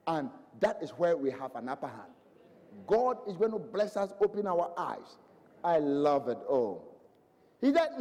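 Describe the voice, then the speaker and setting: A man preaching a sermon with passion, swinging between loud proclamations and hushed lines. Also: high voice. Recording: long hall reverb.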